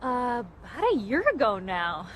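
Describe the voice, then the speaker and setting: A woman's voice: on the high side, very animated, normal speed, a bit bright, slight background noise. A young woman from the Philippines performing a playful, mock-dramatic comedy sketch. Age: young adult.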